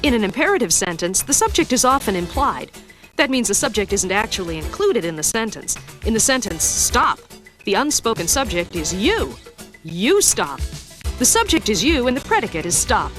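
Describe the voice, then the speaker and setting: Lively woman quiz narrator. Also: medium pitch, moderate pace, faint music behind. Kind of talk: scripted educational narration.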